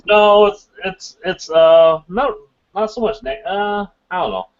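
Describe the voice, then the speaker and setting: A man with a slightly high voice hosts a live building stream, chatting casually and joking with friends. He explains in halting bursts full of fillers. The audio is dull and lo-fi. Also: expressive.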